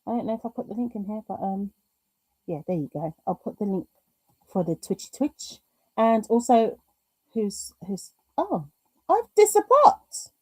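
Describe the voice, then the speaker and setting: Chatty British woman, lively pitch. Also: a little slow, no echo. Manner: chatty, reads chat aloud, talks to herself through tech glitches. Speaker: live stream host. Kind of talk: chatty live craft stream.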